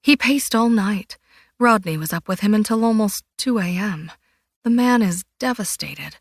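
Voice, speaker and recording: A woman's voice: mid-range voice, expressive, moderate pace, no room sound, clean studio sound, pitched above the performer's own voice. Woman voicing a guarded, anxious hostess.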